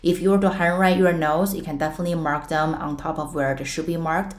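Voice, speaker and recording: With a steady tone and a fairly quick pace, a young woman gives a casual online Mandarin pinyin lesson. She patiently builds each step with playful comparisons, suddenly singing out high syllables to model the tones.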